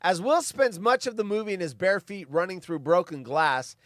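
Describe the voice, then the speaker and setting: A man's voice: high voice, normal speed, a bit bright, no echo, clean studio sound. A man hosting a casual commentary, reading film trivia aloud and dropping offhand asides between the facts. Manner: reads facts, then adds offhand asides. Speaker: host reading movie trivia.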